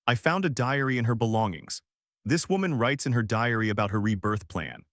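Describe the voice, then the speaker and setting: A man's voice: mid-range voice, expressive, a little fast, fairly bright tone, no echo, clean studio sound. A man narrating a story recap in the first person, reading steadily and voicing the quoted dialogue.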